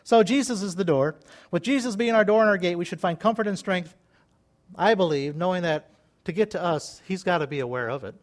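A middle-aged man preaching an informal sermon in a folksy, animated way, often laughing and acting out voices. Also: sits high, brisk.

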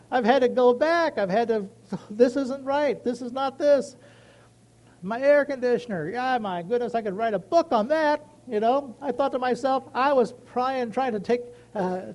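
A man's voice: very high-pitched, darkish tone. A man giving a casual, rambling devotional talk, telling everyday stories in an earnest, folksy way. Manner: earnest, rambling, folksy storytelling with many asides. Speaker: Christian speaker sharing a personal story.

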